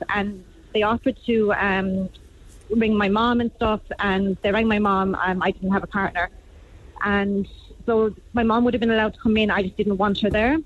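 A woman calling in to a radio show tells her story in a halting, heartfelt way. Her voice comes through a dull, muffled phone line at a middling pitch. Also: fairly even intonation. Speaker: caller.

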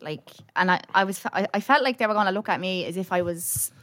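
A woman's voice: medium pitch, fast talker, no room sound, clean studio sound. A young woman with a Dublin accent, chatting casually with lots of fillers. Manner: lively, chatty, filler-heavy. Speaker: podcast co-host. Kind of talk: casual chat.

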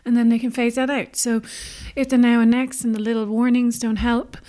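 A woman's voice: a little high, level tone, brisk, dark tone. A woman co-hosting a casual podcast as a childcare expert, explaining things in an earnest, emphatic way.

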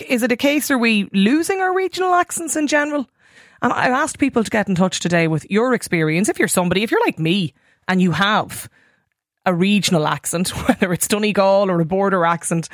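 An Irish woman from Sligo hosts a radio phone-in. She speaks in a northwest Irish accent, sounds chatty and quick to laugh, and is heard close on a dry studio mic. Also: medium pitch, no echo. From Sligo, Ireland. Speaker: radio host.

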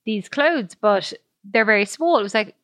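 A woman co-hosting a podcast in casual chat, reacting quickly and laughing. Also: medium pitch, expressive, dry recording, studio quality. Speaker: podcast co-host.

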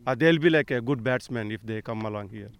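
A man from a cricket club answering interview questions, eager and halting with simple phrasing. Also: mid-range voice, vocal fry, clear, resonant tone, dry recording.

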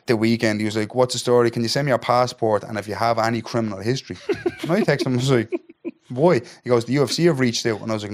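Fast-talking Dublin man telling a story. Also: fairly low pitch. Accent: Irish, Dublin. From Ireland. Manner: animated retelling, acts out dialogue, keeps asking "do you know what I mean". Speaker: podcast guest, MMA fighter. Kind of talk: casual storytelling chat.

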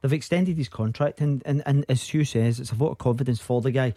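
Fast Scottish male pundit, mellow tone, easygoing. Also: mid-range voice, no echo, clean studio sound. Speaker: football pundit. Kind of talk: sports radio punditry.

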